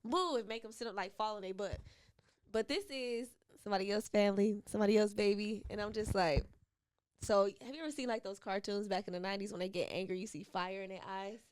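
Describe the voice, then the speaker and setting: A young woman co-hosting a podcast, telling a story in casual chat and acting out quotes in high voices, swearing freely. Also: fast talker, a little mellow, clean tone, no room sound. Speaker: podcast co-host.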